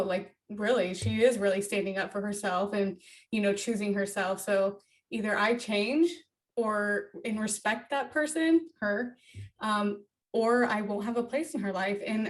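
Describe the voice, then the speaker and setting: A woman of middle pitch hosts the interview, talking in an earnest, chatty way with many fillers. She sits a little back from the microphone, so her voice sounds slightly distant. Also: fairly even intonation, measured pace. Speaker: interview host. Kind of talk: casual interview talk.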